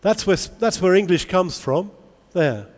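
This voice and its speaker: Man, conference speaker, raised pitch, animated, quizzing the audience, long hall reverb. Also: unhurried. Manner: animated, asks the audience many questions. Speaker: conference speaker on teaching English. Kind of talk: lively conference talk to teachers. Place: large convention hall.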